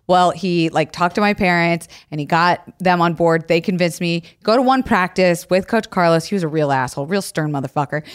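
A woman podcast host chatting casually and telling a story, swearing freely and acting out quotes loudly. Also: on the low side, fairly quick, hardly any pauses, smooth.

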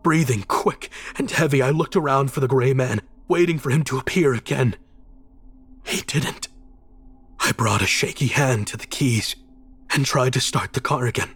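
Male narrator for a horror audio story: husky, tense, dramatic first-person read. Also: mid-range voice, normal speed, fairly bright tone.

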